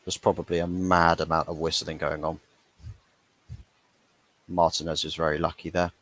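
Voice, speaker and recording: A man's voice: extremely low pitch, little pitch movement, normal speed, a bit bright, dry recording. A young man hosting a fan watchalong, chatting casually through the match and laughing at his own jokes. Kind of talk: live match reaction commentary.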